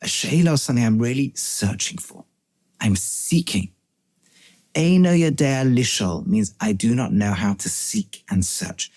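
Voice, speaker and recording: A man, a rabbi, giving an animated explanatory lecture, asking many rhetorical questions and translating Hebrew and Aramaic phrases as he goes. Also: medium pitch, a little slow, no room sound. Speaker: rabbi teaching a series.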